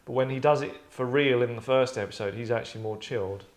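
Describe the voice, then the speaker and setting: Male host directing actors, casual and rambling, average pitch. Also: fast talker. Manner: rambling, restarts, acts out lines. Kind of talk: casual chat, giving direction.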